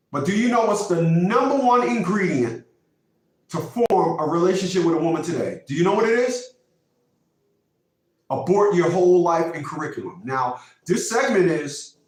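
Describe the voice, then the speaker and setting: Middle-aged guy preaching relationship advice, repeats himself a lot, high voice, sounds far from the mic. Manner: preachy, repetitive, emphatic. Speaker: channel host giving relationship advice. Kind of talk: casual monologue. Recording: very echoey room, from far off.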